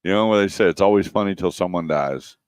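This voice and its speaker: A man's voice: sits low, fast, darkish tone, no echo, clean studio sound. A man hosting a radio car show, chatting casually and telling joking prank stories. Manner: tells joking prank stories, acting out voices. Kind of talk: casual radio chat and storytelling.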